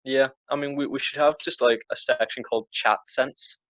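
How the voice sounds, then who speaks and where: A man's voice: medium pitch, fairly even intonation, moderate pace, a bit bright, dry recording. Rambling Northern Irish man podcasting. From Northern Ireland. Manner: rambling, many restarts and fillers. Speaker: podcast co-host. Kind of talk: casual chat. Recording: dry, dull lo-fi sound.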